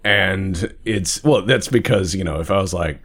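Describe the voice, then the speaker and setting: A man hosting a podcast, speaking in a neutral American accent he puts on over his native Southern one, animated and quick to laugh. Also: low voice, slightly rough. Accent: neutral American, put on over a native Southern one. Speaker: podcast host. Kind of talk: casual podcast chat.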